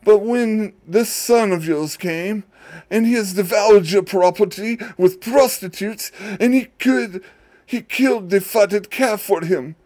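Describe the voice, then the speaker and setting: A man putting on a resentful, high-pitched elder brother. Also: wildly swooping pitch, slow pace, long pauses, exaggerated voice. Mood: bitter. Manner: indignant, shouting and complaining.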